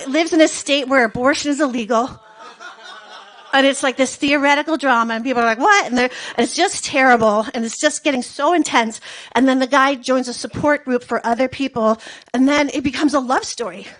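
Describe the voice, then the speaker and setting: Brief: high-pitched woman comic, deadpan, rambling long-form stand-up on stage. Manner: rambling, deadpan storytelling with filler words. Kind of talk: stand-up comedy set.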